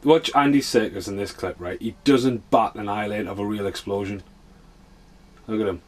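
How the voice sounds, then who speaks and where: A man's voice: on the low side, fairly even intonation, normal speed. A man casually chatting and swearing his way through a film commentary for his podcast. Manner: swears a lot, chatty and offhand.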